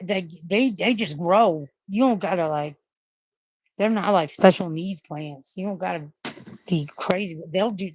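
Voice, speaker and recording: Casual streamer woman, lowish voice, rambling and swearing, dry close sound. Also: dry recording. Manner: rambling, swears often, coos at her pets. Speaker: streamer chatting with viewers. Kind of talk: casual livestream chat. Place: bedroom at home.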